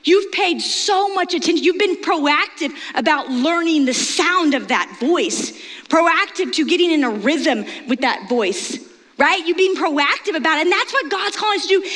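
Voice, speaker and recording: A middle-aged woman pastor with a light Texan accent, preaching a sermon in a lively, storytelling manner. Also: high voice. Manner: lively storytelling, confiding and animated. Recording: long hall reverb.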